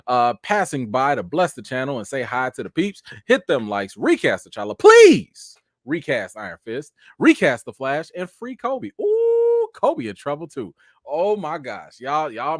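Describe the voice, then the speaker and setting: A man hosting a casual live stream, giving quick shout-outs to viewers and rising into high, exasperated rants. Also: dry recording, studio quality. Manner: rises into high, exasperated ranting.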